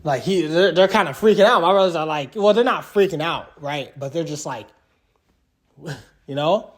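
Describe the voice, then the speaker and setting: A young adult man with a notably high-pitched voice tells a personal story in a loose, casual way. He rambles, circling back with constant fillers and restarts. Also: expressive, moderate pace. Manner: rambling, full of fillers like "like" and "literally".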